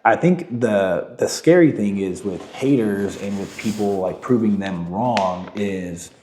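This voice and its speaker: A man's voice: fairly low pitch, measured pace, warm tone, echoey room, slight background noise. A young man co-hosting a podcast, casual chat, thinking aloud with lots of "like" and restarts. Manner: reflective, filler-heavy conversational talk. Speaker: podcast co-host.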